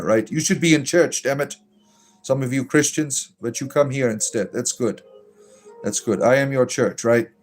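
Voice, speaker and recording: Man, livestream host, put-on Irish-sounding lilt, sardonic and irreverent, mid-pitched voice, faint music behind. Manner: puts on a lilting Irish-sounding fantasy accent. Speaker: livestream host reading viewer chat. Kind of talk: casual livestream chat.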